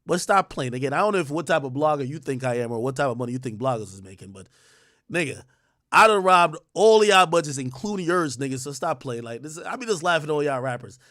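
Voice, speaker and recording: A man hosting a livestream, ranting in a profane, confrontational, rapid-fire way. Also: a little high, expressive, fairly bright tone, no echo, studio quality. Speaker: livestream host. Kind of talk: heated livestream rant.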